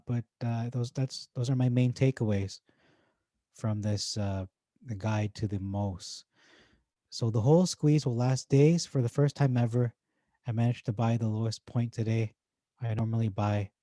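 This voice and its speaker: Male vlogger, Irish accent, mid-range mellow voice, relaxed chatty delivery with jokey asides, dry close recording. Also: mid-range voice, no room sound. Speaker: stock market YouTuber. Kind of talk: casual commentary reading forum posts.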